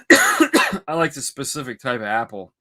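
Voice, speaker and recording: A man's voice: medium pitch, huge pitch swings, a little slow, bright, forceful tone. A man from Michigan, co-hosting a podcast in casual, rambling, joking chat. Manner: joking, rambling, with mock voices. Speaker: podcast co-host.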